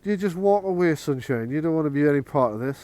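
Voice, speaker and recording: A man's voice: a little high, animated, fast, darkish tone, no room sound, lightly acted. A man voicing a cocky, mocking young male street gang thug in a tabletop game. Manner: mocking, dismissive.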